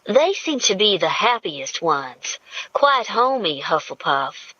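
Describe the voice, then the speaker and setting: A woman voicing a dreamy, odd young assistant with a husky Southern drawl, in an audiobook reading. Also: lowish voice, big pitch swings, takes it slowly, sharp tone, dry recording, muffled recording, full character voice. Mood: earnest.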